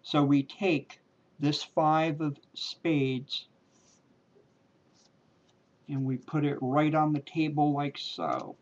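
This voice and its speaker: A man chats his way through a card trick in a joking, goofy way. His speech is slow and drawn out, his voice a little high. The sound is muffled and lo-fi, like an old home video. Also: expressive. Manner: playful, jokey, drawn-out emphatic words. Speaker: amateur magician performing a card trick. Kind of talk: casual talk to camera while doing a card routine.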